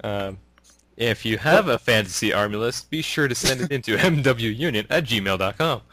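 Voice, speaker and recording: A man's voice: mid-range voice, animated, moderate pace, pushed and bright, a little hiss or hum. A man from Canada hosting a casual podcast, rambling with many fillers and frequent laughs. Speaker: podcast host.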